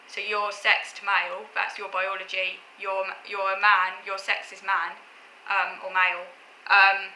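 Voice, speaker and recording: Speaking to camera, a woman vlogger explains her opinions in an earnest, lecturing tone, often stopping and restarting phrases. Her medium-pitched voice is very bright and sharp-edged, monotone, a little slow with few pauses, in a roomy, echoey space with a faint ambient hum.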